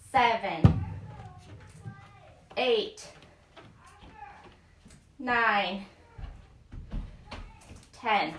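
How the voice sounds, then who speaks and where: Her voice is a little high, bright and forceful as this mom leads a chatty, upbeat workout in a room at home, counting reps out loud. There is slight background noise, and the echoey room makes her sound distant.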